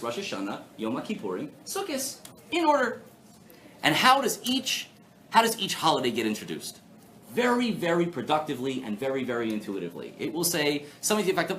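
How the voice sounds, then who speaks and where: A man giving a live Torah class, animated and playful, asking the audience rhetorical questions. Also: medium pitch, slight background noise. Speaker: rabbi teaching a class. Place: synagogue hall before an audience.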